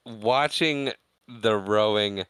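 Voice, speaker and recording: A man's voice: fairly low pitch, very slow, a bit bright, clear, resonant tone, dry recording, clean studio sound. A man co-hosting a podcast, chiming in with short, wry reactions and quips. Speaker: podcast co-host. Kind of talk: casual chat.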